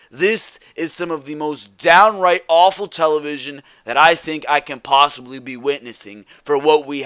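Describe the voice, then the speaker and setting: A man's voice: mid-range voice, sharp tone, clean tone, no echo. A man ranting through a wrestling show review, firing off repeated exasperated rhetorical questions.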